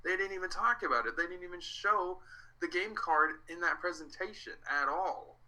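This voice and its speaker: A man co-hosting a casual gaming chat, explaining his points in a steady way. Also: sits high, moderate pace, low-quality recording. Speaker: co-host.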